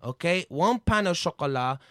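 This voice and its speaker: A man's voice: fairly high pitch, expressive, normal speed, clear, resonant tone, no echo, clean studio sound, natural voice. A man playing a pompous French café waiter with a put-on French accent in an improvised comedy sketch. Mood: haughty. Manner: fake French accent, snooty and theatrical.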